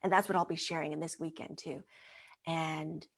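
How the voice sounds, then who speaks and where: Gentle, earnest woman telling a story. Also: deep voice, steady tone, normal speed, gravelly. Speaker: mind-body wellness trainer. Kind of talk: storytelling guest in an interview.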